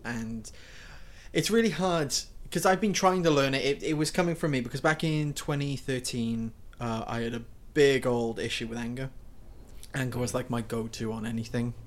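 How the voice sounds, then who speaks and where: A man's voice: mid-range voice, moderate pace. A man co-hosting a podcast, talking earnestly about feelings in a rambling way full of fillers. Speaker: podcast co-host. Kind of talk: casual chat.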